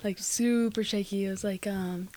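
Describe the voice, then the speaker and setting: A woman's voice: medium pitch, steady tone, normal speed, darkish tone. A teenage girl chatting casually on a family podcast, rambling with lots of likes and ums. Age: teen. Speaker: co-host, child.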